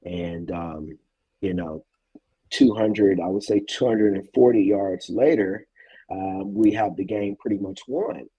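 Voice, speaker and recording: A man in his thirties, a former college football player, recounting a game in a reflective, halting way with many fillers. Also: deep voice, warm tone, breathy edge, no echo, muffled recording. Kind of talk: casual interview storytelling.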